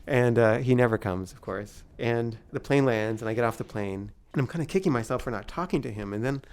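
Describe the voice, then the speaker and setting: A man's voice: medium pitch, a little fast, darkish tone, clean tone. A man telling a comic first-person anecdote, often nervous, with stammering restarts.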